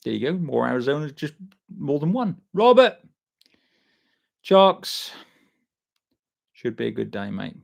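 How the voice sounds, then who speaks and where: A man's voice: medium pitch, quick pace, vocal fry, a little mellow. A man hosting a live stream, chatting casually and swearing freely as he reads out and answers viewer comments by name. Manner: loose, sweary and matey, answering chat by name.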